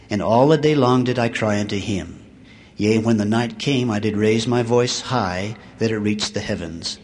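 Man preaching, slow swelling scripture reading. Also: lowish voice, slight background noise. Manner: measured, slows and swells when reading scripture. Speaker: church speaker.

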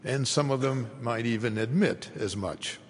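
A man giving a measured history lecture, rising in emphasis as he reads out quotations. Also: medium pitch, slightly rough, long reverb tail. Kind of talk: lecture delivered to an audience.

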